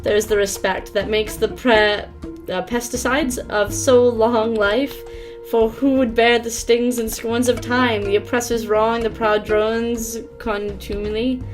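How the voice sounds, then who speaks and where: A woman's voice: fairly high pitch, steady tone, soft background music, close to an everyday voice. Woman doing a nervous bee reciting Hamlet. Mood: theatrical. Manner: slow, theatrical declaiming.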